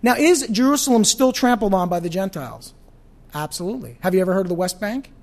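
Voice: medium pitch, animated, fast. A pastor teaching an evening Bible study in a conversational way, often asking the audience questions.

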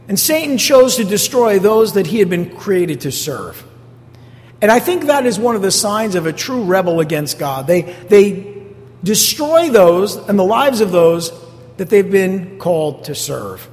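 A sermon rings through a reverberant church sanctuary, preached by a man with a high voice. The pastor presses his points emphatically, repeating key phrases and asking the congregation rhetorical questions, with a long church hall reverb on the recording.

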